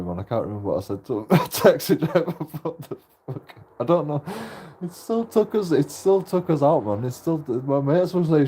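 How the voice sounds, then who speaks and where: A man's voice: medium pitch, a little mellow, breathy edge. A young Irish man chatting casually on a livestream, telling stories while laughing often and swearing freely. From Ireland. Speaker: streamer.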